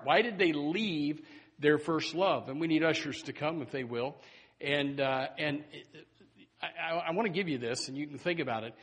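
A man preaching a sermon in a church, animated and full of stumbling restarts and repeated words. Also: on the high side. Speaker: pastor. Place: church sanctuary. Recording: long hall reverb.

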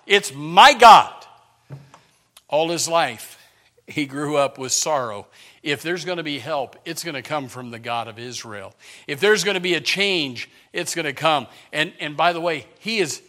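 A pastor delivers his sermon in a high, ringing male voice. He preaches with passion, rising to near-shouts and then dropping to hushed whispers.

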